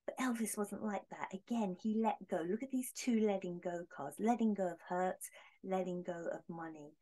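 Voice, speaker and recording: A woman giving a casual tarot reading to camera, talking in a hesitant, rambling way with many pauses. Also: on the low side, darkish tone. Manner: hesitant, rambling, with frequent fillers. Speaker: tarot reader.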